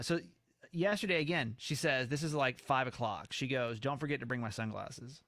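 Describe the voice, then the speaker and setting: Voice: mid-range voice, normal speed, a bit bright, dry recording. A podcast co-host telling a candid story about dating in casual chat.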